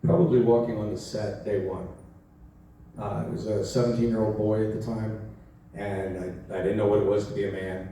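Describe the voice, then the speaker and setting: This fairly low-voiced man in his forties speaks briskly while answering fans' questions on a convention panel. As an actor guest, he tells his stories with animation, acting out quotes and laughing frequently. The large hall sounds echoey and distant, with faint noise in the background.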